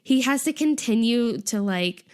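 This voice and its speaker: On a casual podcast recapping a variety show, a young female co-host recounts what happened in a chatty way, giggling often and saying "like" a lot. She sounds animated and on the high side, with a darkish tone and a measured pace.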